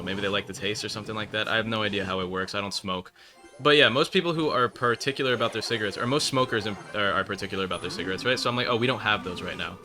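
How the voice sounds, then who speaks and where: A young man hosting a mobile game channel, telling a rambling story between plays and swearing at his opponents. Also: on the low side. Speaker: gaming channel host. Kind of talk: casual gameplay commentary with storytelling.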